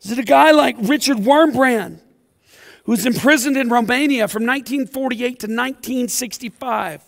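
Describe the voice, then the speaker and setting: A male pastor preaching an impassioned sermon in a church, swinging between loud passages and hushed ones. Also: extremely high pitch, moderate pace, gravelly, big-room sound. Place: church sanctuary.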